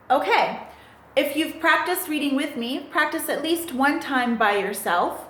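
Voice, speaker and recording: A woman's voice: high-pitched, expressive, measured pace, fairly bright tone. A woman teaching English grammar in a recorded lesson, patiently spelling out letters and asking the listener questions. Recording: echoey room.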